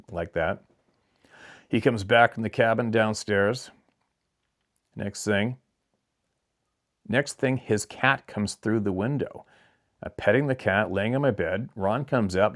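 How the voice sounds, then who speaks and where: A man with a fairly low voice reads a viewer's letter aloud. He keeps a plain, steady storytelling pace and breaks in with brief remarks of his own, the way a channel host does.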